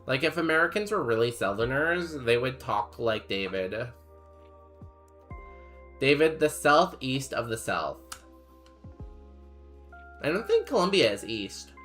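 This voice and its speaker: A man's voice: mid-range voice, very animated, unhurried, pauses often, fairly bright tone, faint music behind. A young man streaming a game, chatting casually with his chat in a rambling, jokey way full of fillers. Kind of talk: casual chat while playing and reading chat.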